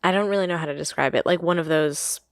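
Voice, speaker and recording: Her voice sits low and she talks fast as a podcast co-host, keeping the chat casual and rambling, full of fillers. The studio sound is clean, with no echo.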